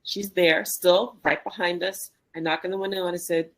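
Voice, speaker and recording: A woman co-hosting a podcast, telling a personal story in an animated way and acting out the dialogue. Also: fairly low pitch, moderate pace. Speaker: podcast co-host. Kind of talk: conversational storytelling.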